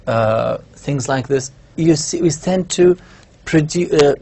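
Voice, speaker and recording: A man gives a university lecture, explaining things step by step as he writes on a board and often checking in with the class. His voice is on the high side with a darkish tone, and he talks a little slowly.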